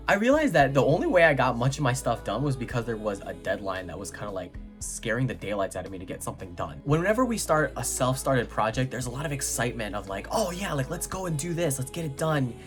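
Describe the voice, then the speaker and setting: A young American man from New York with a mid-range voice gives a casual, chatty book review, full of filler words and quick laughs.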